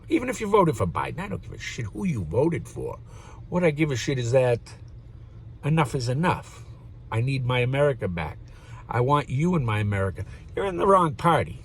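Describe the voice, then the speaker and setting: A man's voice: a little high, slight background noise. A man in his fifties giving a rambling casual monologue to camera, swearing freely and chuckling between thoughts. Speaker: vlogger.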